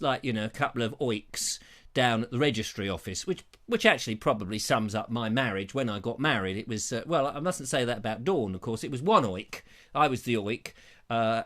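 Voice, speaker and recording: A man hosting a live show, rambling jokily through viewer comments with theatrical swings in pitch. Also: fairly bright tone. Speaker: host. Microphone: lapel mic.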